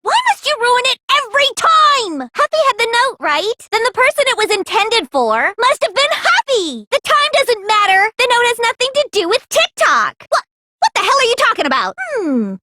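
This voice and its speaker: A woman's voice: very high voice, big pitch swings, moderate pace, heavy background noise. An actress voicing a manic, cackling young female serial killer in a video game, gleeful with shrieking outbursts.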